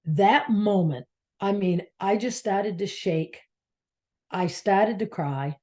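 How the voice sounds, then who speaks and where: A woman's voice: fairly low pitch, mellow. A woman from Maine telling a heartfelt personal story in a rambling way, sometimes dropping to a near whisper. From Maine, United States. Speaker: spiritual coach, channel host.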